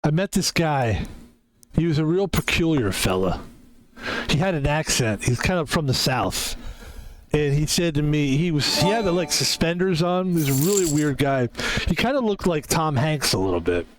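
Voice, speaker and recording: This card-game streamer rambles through casual gameplay commentary, cracking jokes and cursing plenty. He speaks at a normal speed in a sing-song voice on the high side, over a rough recording.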